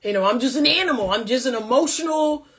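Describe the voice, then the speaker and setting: A woman putting on the voice of a whiny, self-pitying grown man who calls himself dumb, mocking him in a high, whining tone. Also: animated, quick pace, a bit bright. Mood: mocking whine.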